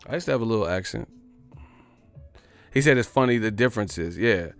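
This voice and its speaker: A man's voice: lowish voice, lively intonation, brisk, pauses often, faint music behind. A man chatting casually on a live stream, joking loosely with profane slang and frequent laughs. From United States.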